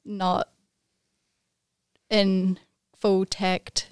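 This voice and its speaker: A woman's voice: medium pitch, flat delivery, drawn-out words, smooth, no echo, clean studio sound. A young woman with a New Zealand accent, chatting as a podcast guest and explaining things in loose, hesitant phrases. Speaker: guest, competitive snowboarder. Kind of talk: casual podcast chat.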